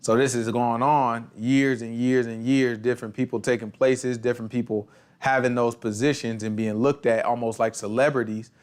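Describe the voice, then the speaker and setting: Speaking at a normal speed in a mid-range voice, this man teaches an informal Bible study. His explanations are lively and full of slang, and he performs bits of street dialogue to illustrate the text.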